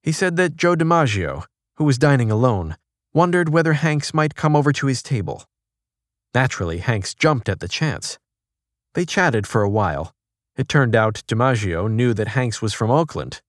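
A man reading a magazine profile as scripted narration. His reading is measured, and he drops softer and lower for quoted speech. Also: very animated, no room sound, clean studio sound. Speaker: article narrator.

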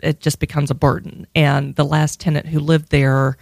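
A woman's voice: sits low, flat delivery, normal speed, gravelly, a little mellow, no room sound. A woman with a Southern US accent telling a wistful personal story in a reflective, drawling way.

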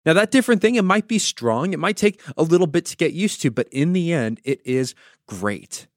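A man's voice: a little high, expressive, fairly quick, dry recording. Dry-voiced man telling a devotional podcast. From United States. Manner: storytelling, wry asides. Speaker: podcast host.

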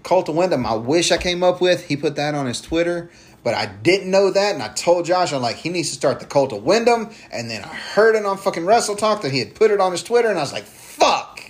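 A man's voice: a little high, big pitch swings. Profane, rambling podcast guy. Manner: profane, rambling, acts out promos in quick voices. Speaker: podcast co-host. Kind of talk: casual podcast chat.

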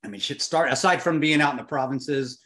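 A man's voice: medium pitch, brisk, a bit bright. A man, a former ranger co-hosting a podcast, reminisces in a rambling, swearing casual chat. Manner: rambling, swearing, restarts, laughing. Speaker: podcast co-host, former ranger and agency officer.

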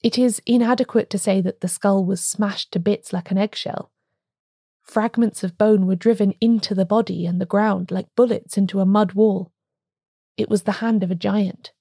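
A woman reading as a grave, low-voiced doctor. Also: fairly even intonation, normal speed, dark tone, husky, no echo, studio quality. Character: grim grave male village doctor.

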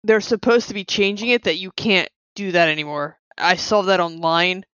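A woman on a casual podcast chat, cutting in with quick, indignant remarks. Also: on the low side, fairly even intonation, fairly bright tone, clear, resonant tone, no room sound. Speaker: podcast panelist. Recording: dull lo-fi mic.

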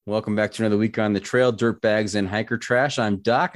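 A man's voice: on the low side, fairly even intonation, a little fast. A man hosting a podcast interview, chatty and joking, often stumbling over his words. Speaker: podcast host. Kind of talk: casual interview.

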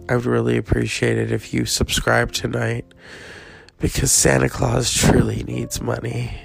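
A man's voice: mid-range voice, creaky. A man hosting his own podcast, talking casually in a rambling, jokey, self-mocking way. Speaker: podcast host. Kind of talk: casual solo podcast monologue.

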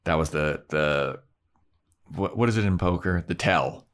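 A man co-hosting a podcast, casually recapping an episode and briefly acting out the characters' lines as he goes. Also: low-pitched. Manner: relaxed storytelling, acting out characters in quick impressions. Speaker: podcast co-host.

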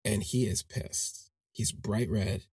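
A man hosting a podcast, telling a personal story in a casual monologue and acting out the people in it with big jumps in pitch. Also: takes it slowly, husky, no echo, clean studio sound. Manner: animated, acts out quoted voices with big pitch jumps. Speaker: podcast host.

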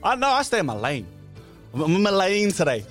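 A man's voice: high-pitched, huge pitch swings, fairly quick, faint music behind. A New man co-hosting a morning radio show, bantering playfully and hyping up listeners. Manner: playful, rhyming hype delivery.

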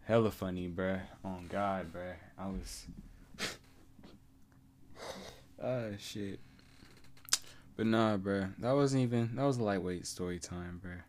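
A man's voice: on the low side, steady tone, moderate pace. A young man hosting a solo podcast, telling stories in laid-back, slang-heavy casual chat and laughing often. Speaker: podcast host.

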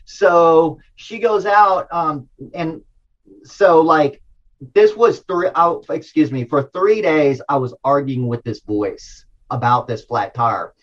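A middle-aged man telling a personal story in a casual, rambling and excitable way, with many restarts and apologies. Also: a little high, slow, dull audio. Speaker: storyteller sharing a personal spiritual experience.

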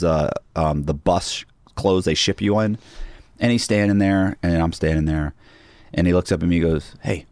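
A man's voice: low voice, darkish tone, dry recording. A middle-aged man, a podcast guest, telling a story casually with restarts and acted-out quotes of other people. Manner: rambling, restarts, acts out quoted dialogue.

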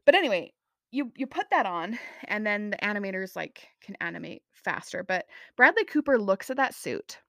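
A young woman hosts her podcast in loose, rambling chat, poking fun at herself as she drifts off track. Her voice sits at an ordinary middle pitch. The sound is dry and close, with no room around it. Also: sing-song, moderate pace, sharp tone, no echo. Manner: rambling, chatty, self-mocking. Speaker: podcast host. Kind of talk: casual chat.

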